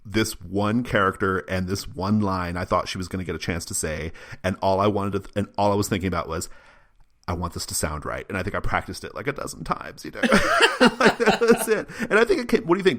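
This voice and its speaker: A man hosting a podcast in casual chat, who laughs often and talks in an animated, rambling way. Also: deep voice, fast talker. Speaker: podcast host.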